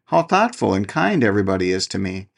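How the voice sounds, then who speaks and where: A man's voice: low voice, very animated, quick pace, vocal fry, full character voice. A man voicing a lonely young fir tree in a storybook reading, talking in an earnest, wistful way.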